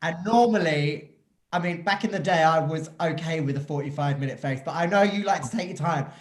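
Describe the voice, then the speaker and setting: A man's voice: a little high, brisk, reverberant, noisy background. A man hosting a casual online drag makeover show from home over a video call, camp and playful. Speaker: host. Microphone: computer mic on video call.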